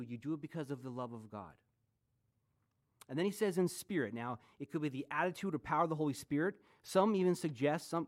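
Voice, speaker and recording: A man in his late forties preaches to his congregation in a relaxed, chatty way. His voice sits a little high for a man. He mixes Bible teaching with joking asides and questions to the room. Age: 40s. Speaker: pastor. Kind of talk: sermon.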